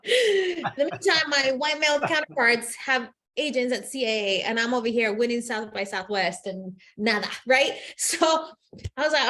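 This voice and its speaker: A woman producer and guest in an interview, talking in an animated way, laughing often and saying "like" a lot. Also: fairly high pitch, moderate pace. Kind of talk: interview conversation.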